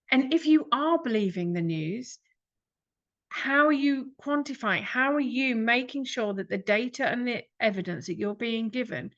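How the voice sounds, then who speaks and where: A woman's voice: on the high side, fairly bright tone. A woman giving an earnest reflective talk, pressing her listeners with rhetorical questions. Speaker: speaker. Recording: dull lo-fi recording.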